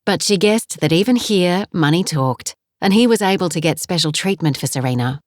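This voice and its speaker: A woman narrating a romance audiobook in a calm, measured reading. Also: on the low side, dry recording. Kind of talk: scripted narration. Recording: dry close studio voice.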